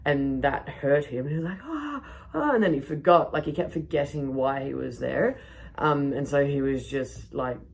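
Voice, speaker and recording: Gravelly young woman swearing through a story. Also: rumbling low, fairly even intonation, normal speed. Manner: rambling, swears a lot, fills with "like". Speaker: podcast host. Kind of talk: casual storytelling podcast. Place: backyard outdoors.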